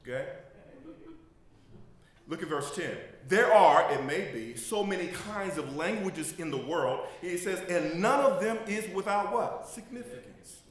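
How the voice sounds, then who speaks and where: A joking preacher in an echoing church. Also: male voice, sits high, expressive, unhurried. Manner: conversational preaching, asks the congregation to fill in words; joking and laughing. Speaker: pastor. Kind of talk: sermon. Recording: very echoey room. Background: congregation responding.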